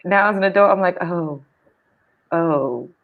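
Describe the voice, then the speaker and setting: A middle-aged woman with a low voice, co-hosting a casual podcast chat. She talks frankly about family life and laughs easily between remarks. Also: a little slow, phone-quality sound. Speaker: co-host.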